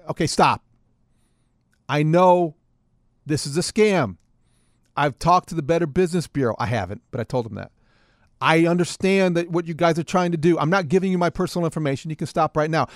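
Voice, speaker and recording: A man's voice: a little high, no room sound, clean studio sound. A middle-aged man co-hosting a casual chat, telling a story animatedly and acting out both sides of a phone call. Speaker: co-host.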